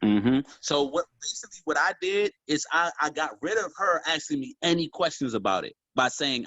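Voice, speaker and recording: A man coaching a group on sales, talking in a casual, animated way and calling them y'all. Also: fairly high pitch, fairly quick, no echo, low-quality recording. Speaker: sales trainer. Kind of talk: motivational training talk.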